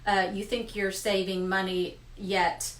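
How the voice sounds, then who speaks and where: A woman's voice: medium pitch, flat delivery, unhurried, a little hiss or hum. A woman with a mid-range voice chats about her realtor work, agreeable and easygoing, with plenty of fillers. She is recorded in an echoey room. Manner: chatty, agreeable, trails into fillers. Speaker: realtor co-host. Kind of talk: casual chat on camera.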